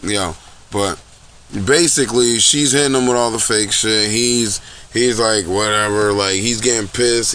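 A young man giving blunt, profane commentary on his own low-budget podcast, repeating himself as he rants. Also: steady tone, a little slow, a bit bright, a little hiss or hum. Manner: blunt, profane, repetitive ranting. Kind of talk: casual commentary. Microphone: low-end home recording setup.

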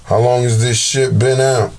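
A man's voice: mid-range voice, steady tone, moderate pace, a little mellow. A man giving casual, profane commentary on battle rap videos, exasperated and heavy on slang.

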